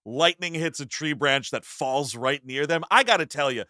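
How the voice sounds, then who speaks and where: Male podcast host, bright tone, dry close sound, profane and joking. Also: a little high, normal speed, no room sound. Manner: profane, jokey, recaps the plot. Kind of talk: casual chat.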